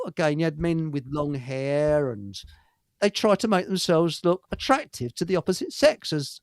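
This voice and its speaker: Lively rambling man hosting a chat stream. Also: high-pitched, no echo. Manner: rambling, hesitant storyteller with many fillers. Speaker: host. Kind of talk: casual live-stream chat.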